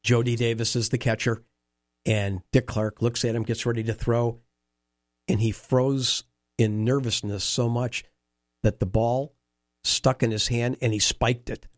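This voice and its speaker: A man telling animated anecdotes in a conversation, acting out quoted dialogue. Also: mid-range voice, a little slow, no echo, clean studio sound. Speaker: interview guest, former baseball team staffer. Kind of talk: storytelling conversation.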